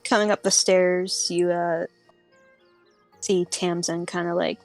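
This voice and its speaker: A woman's voice: on the low side, level tone, slow pace, a little mellow, soft background music. A woman narrating as game master of a tabletop game, hesitant and full of fillers.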